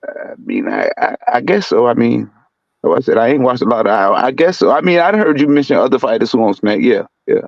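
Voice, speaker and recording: A man's voice: medium pitch, lively intonation, a little fast, gravelly, no echo, muffled recording. A man calling in from his parked car at night on a phone video call, speaking in a laid-back, hesitant, slangy way. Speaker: caller. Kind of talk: casual call-in chat.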